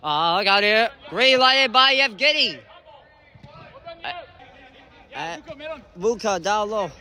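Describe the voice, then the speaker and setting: A man giving live play-by-play commentary at an amateur indoor soccer match, excitable, with frequent shouted calls and exclamations. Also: sits high, slow.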